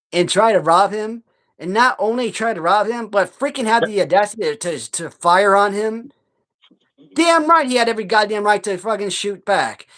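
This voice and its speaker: A man hosting a live stream in casual chat, swearing heavily as he rants in a heated, halting way full of restarts. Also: high voice, a bit bright. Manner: profane, heated ranting; halting, many restarts and fillers.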